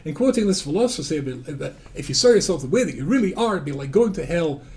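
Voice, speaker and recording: A Scottish-accented rabbi lecturing a live audience, his fairly high voice leaping up and down with great animation. He tells anecdotes with self-deprecating humor, rising to loud emphasis and then dropping to quiet asides. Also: animated, quick pace. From Scotland.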